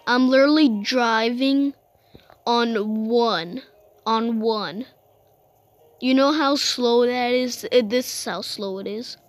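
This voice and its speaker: A woman's voice: on the high side, slow, no room sound, faint music behind. A woman giving casual, rambling gameplay commentary, exclaiming often and restarting her sentences. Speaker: gamer.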